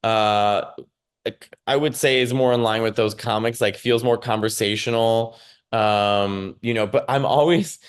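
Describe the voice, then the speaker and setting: A man's voice: on the low side, a little slow, clean tone. A man with a Chicago accent, a comedian talking casually in an interview from home over a remote call, rambling with lots of fillers and restarts. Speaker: stand-up comedian, guest.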